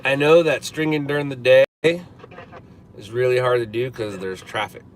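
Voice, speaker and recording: A man's voice: mid-range voice, moderate pace. Rambling man in his forties. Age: 40s. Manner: rambling, with many fillers and restarts. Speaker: live-stream host. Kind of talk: casual chat. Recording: traffic noise behind.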